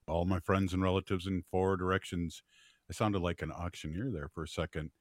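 A man's voice: low-pitched, flat delivery, fairly quick. A man hosting a casual radio talk show, rambling and laughing easily, with plenty of filler words. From United States.

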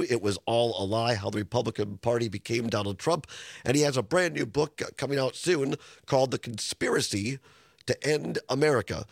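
A male radio host with a hoarse, congested voice. He talks casually and stumbles over restarts. His voice is gravelly and raspy, close and dry in a studio. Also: mid-range voice, no room sound. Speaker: radio talk show host. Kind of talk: casual talk radio chat. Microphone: studio microphone.

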